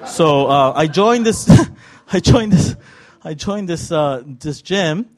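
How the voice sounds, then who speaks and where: A man's voice: on the high side, animated, takes it slowly. A middle-aged man preaching a sermon in a casual, self-deprecating storytelling way, with lots of fillers. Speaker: pastor.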